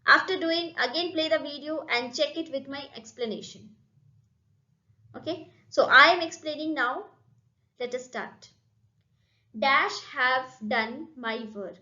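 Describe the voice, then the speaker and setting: A woman with an Indian English accent teaching a grammar lesson, repeating points slowly and checking in with "okay" and "right". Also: high-pitched, sharp tone, roomy sound, lo-fi sound. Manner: slow, repetitive, addresses students with "okay?" and "right?". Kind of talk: classroom lesson explanation.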